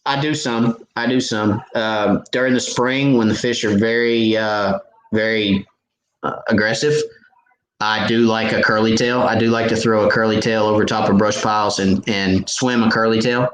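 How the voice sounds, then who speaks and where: A man's voice: on the low side, fairly even intonation, normal speed, fairly bright tone, roomy sound, rough recording. A man hosting a live fishing Q&A stream, answering viewer questions in a chatty way and laughing at his own jokes.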